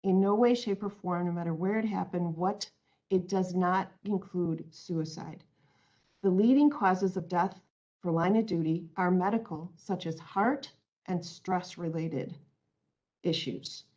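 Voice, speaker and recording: A woman's voice: fairly low pitch, unhurried, a little mellow. A woman presenting an online training webinar, reading out audience answers and then explaining her points earnestly, on a computer mic.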